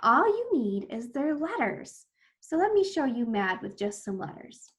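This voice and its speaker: A young woman teaching an early reading lesson to children, drawing out phonics sounds and cheering when a word is read. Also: on the high side. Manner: slow, exaggerated phonics sounds with bursts of excited praise.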